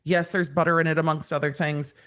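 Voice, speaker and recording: Excitable woman host chatting with her stream. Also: low-pitched, a little fast. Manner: excitable, playful, reads chat aloud. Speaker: legal commentator, host. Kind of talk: casual livestream chat. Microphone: studio microphone.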